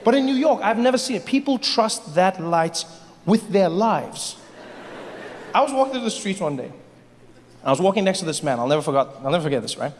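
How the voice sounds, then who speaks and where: A man from Africa doing animated, self-deprecating stand-up storytelling on a stage mic in front of a live audience. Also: sits high, racing. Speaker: stand-up comedian. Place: large live venue with audience. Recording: echoey live venue with audience noise.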